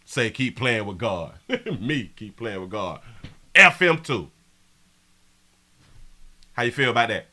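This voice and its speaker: A man hosting a live stream, reading viewer comments in a brash, profane way that swings from mumbling to yelling. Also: on the low side, sing-song, slow pace, pauses often. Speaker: live show host.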